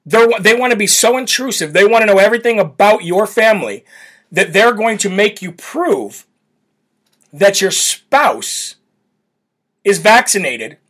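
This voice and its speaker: A man's voice: high-pitched, animated, a little slow, a bit bright. A man hosting a political talk show, brash and mocking, laughing often as he reads viewer comments. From United States. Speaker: host. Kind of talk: political talk show, reading live chat.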